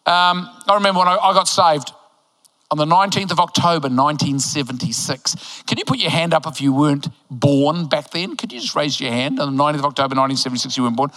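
A bright, high-pitched older man preaching in a church auditorium, from New Zealand. He delivers his sermon in an emphatic, animated way with playful joking asides. His voice rings out with long hall reverb. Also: fast talker. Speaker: pastor.

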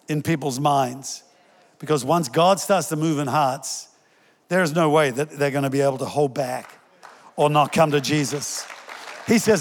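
An older man preaching a sermon as pastor, energetic and joking with his congregation, rising in pitch when he quotes scripture. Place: large church hall. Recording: long reverb in a large hall.

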